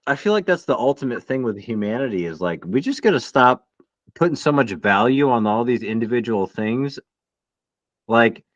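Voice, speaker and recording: A man's voice: medium pitch, dry recording. A man co-hosting a podcast in casual chat, blunt and profane, teasing his partner. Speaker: podcast co-host. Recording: dry, dull lo-fi sound.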